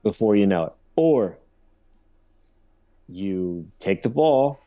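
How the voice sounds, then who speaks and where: A man co-hosting a casual sports podcast, ranting in a profane, rambling, animated way. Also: low-pitched. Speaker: podcast co-host.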